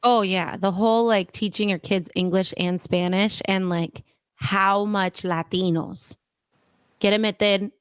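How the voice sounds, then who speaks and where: A woman from Minnesota in her thirties, a Spanish-language radio host, chatting casually and telling animated stories that slip into Spanish. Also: mid-range voice, unhurried, clear, resonant tone, no echo, clean studio sound. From Minnesota, USA. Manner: animated storyteller, switching into Spanish. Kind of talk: casual podcast chat.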